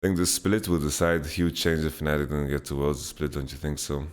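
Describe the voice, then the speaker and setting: A man's voice: extremely low pitch, steady tone, brisk, clear, resonant tone. A man hosting a casual Q&A podcast, answering viewer questions bluntly and laughing them off. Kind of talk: casual chat, Q&A.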